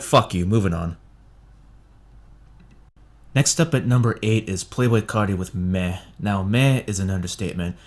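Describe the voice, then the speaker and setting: A man's voice: fairly low pitch, normal speed, pauses often. A man ranting through a blunt, sarcastic review of songs, swearing heavily. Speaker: music reviewer. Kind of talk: profane ranting review monologue.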